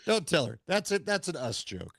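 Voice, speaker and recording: A man's voice: on the high side, big pitch swings, normal speed, creaky, a bit bright, slightly rough, dry recording, studio quality. A man co-hosting a casual sports talk show, teasing his partner and telling jokey stories. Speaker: co-host. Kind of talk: casual chat.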